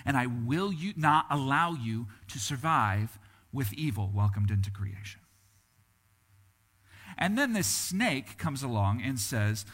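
A man's voice: medium pitch, a little slow. A man preaching a sermon in a conversational way, often asking his listeners "right?" and letting his voice rise and drop for emphasis. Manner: animated, voice rising and falling for emphasis.

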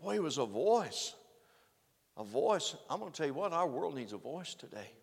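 A man preaching a sermon, swinging from loud exclamations to hushed, earnest lines. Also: fairly high pitch, big pitch swings, moderate pace, gravelly, slightly rough. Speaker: pastor. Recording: preaching in a reverberant hall.

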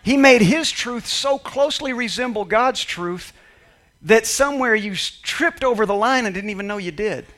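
High, bright-voiced male pastor preaching. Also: lively intonation, normal speed. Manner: emphatic, swings from quiet to shouting. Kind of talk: sermon.

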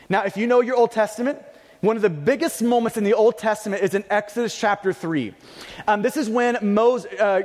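A pastor delivering a conversational sermon, stumbling and restarting, with bursts of raised emphasis. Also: male voice, high-pitched, in a large hall.

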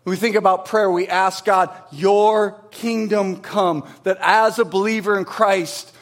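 A man preaching a sermon in an earnest, conversational way, swinging between emphatic peaks and quiet low passages. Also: steady tone, moderate pace. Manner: conversational with tag questions and restarts. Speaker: pastor.

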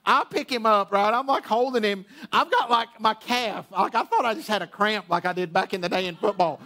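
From the pulpit of a church auditorium with a sound booth, a male pastor with a high voice briskly tells his congregation a funny personal story. His animated sermon stumbles through many restarts and includes playful asides.

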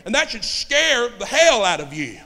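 A man preaching a sermon with folksy turns of phrase, swinging between shouting and hushed storytelling. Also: high voice, very animated, moderate pace, gravelly. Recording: long hall reverb.

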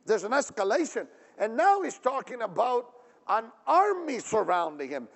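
Male pastor, high lively voice, emphatic sermon delivery with questions to the congregation, long hall reverb. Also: normal speed, gravelly. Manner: animated, emphatic, asks the audience questions.

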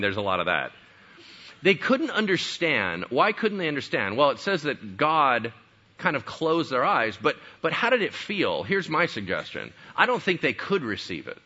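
A man's voice: medium pitch, bright, forceful tone, lo-fi sound. A man preaching a sermon in a conversational way, full of rhetorical questions. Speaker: pastor.

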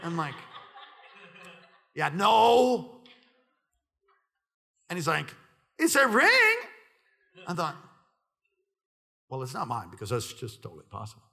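Middle-aged guy pastor preaching a story, voice bouncing all over, gets loud then real hushed, a bit high. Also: unhurried, vocal fry, pauses often. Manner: animated, acts out quoted voices, swings from loud excitement to hushed near-whisper. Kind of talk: sermon storytelling.

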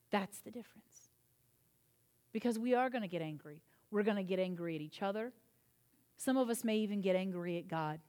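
A woman pastor delivering a sermon in church, earnest and emphatic, rising in intensity and then easing into softer, reassuring passages. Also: mid-range voice.

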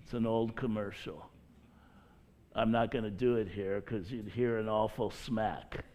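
A man preaching a sermon as a pastor, earnest and deliberate, with drawn-out pauses, speaking to his listeners as brothers and sisters. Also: fairly low pitch, steady tone, darkish tone.

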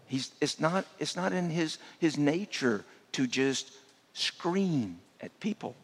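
A man preaching a sermon as a guest speaker, dropping to a hushed voice to make his points. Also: fairly high pitch, expressive, slow pace, husky. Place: church sanctuary. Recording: long church hall reverb.

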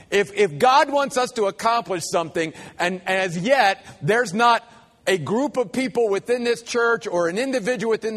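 A man preaching a sermon as pastor of his church, emphatic and rhythmic, slowing down to stress key phrases and repeating lines for effect. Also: sits high, fairly bright tone, in a large hall.

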